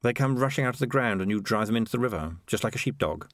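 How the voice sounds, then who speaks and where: A man reading the part of a cynical, swaggering male rat piper in a low, conspiratorial drawl. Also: expressive, fast, no room sound, studio quality, lightly acted. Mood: sly.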